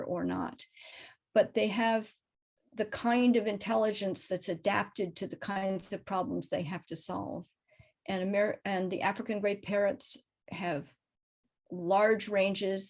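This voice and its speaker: After her talk, a crow researcher in middle age takes audience questions via video call, speaking in a mid-range, slightly mellow voice. As a guest speaker, she answers with thoughtful explanations and avoids oversimplifying.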